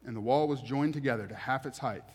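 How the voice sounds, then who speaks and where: A man's voice: mid-range voice, quick pace, slightly rough. Preacher man in a reverberant hall. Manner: reads scripture then explains it conversationally, with emphatic repetition. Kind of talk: sermon with scripture reading.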